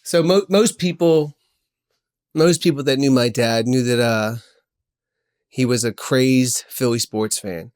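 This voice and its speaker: A man's voice: medium pitch, a little slow, long pauses, a little mellow. Heartfelt rambling man in his forties. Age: 40s. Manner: heartfelt, rambling, repeats phrases, swears casually. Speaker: podcast host. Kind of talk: personal storytelling monologue.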